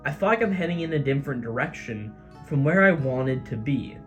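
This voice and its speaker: A man voicing a heartbroken teenage idol girl in a soft, subdued tone. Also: medium pitch, animated, a little fast, lo-fi sound, faint music behind, close to an everyday voice. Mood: tearful. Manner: soft, subdued reading of quoted lines.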